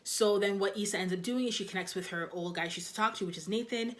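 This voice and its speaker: A woman's voice: mid-range voice, fast talker. Chatty young woman reviewing a show. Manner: chatty, loose, heavy on fillers like "like" and "you know". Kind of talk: casual episode review chat.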